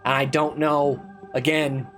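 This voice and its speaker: A man's voice: fairly high pitch, level tone, measured pace, soft background music. A man giving a casual spoken game review, rambling and repeating himself with restarts and swearing, and getting exasperated as he complains. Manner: exasperated, rising into loud complaint.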